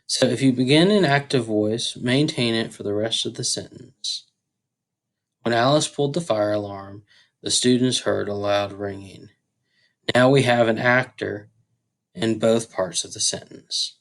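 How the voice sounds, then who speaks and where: A man teaching a grammar tutorial, explaining step by step with a few fillers. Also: mid-range voice. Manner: slow, deliberate explaining with occasional fillers.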